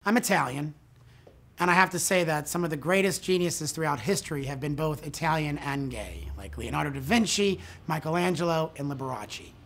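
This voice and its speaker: A man doing stand-up comedy with a deadpan, self-mocking delivery. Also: a little high, brisk. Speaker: comedic actor.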